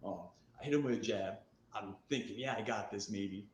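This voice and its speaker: A man's voice: fairly low pitch, moderate pace. A man telling a personal story in a candid, rambling, self-mocking way. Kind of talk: recorded storytelling video. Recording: echoey room with faint noise.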